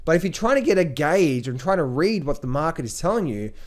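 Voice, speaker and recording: A man speaking casually to the camera as a trading coach. He talks in an energetic, motivational way, with frequent restarts and repetition. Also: a little high, brisk. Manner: rambling, repetitive, lots of fillers and restarts.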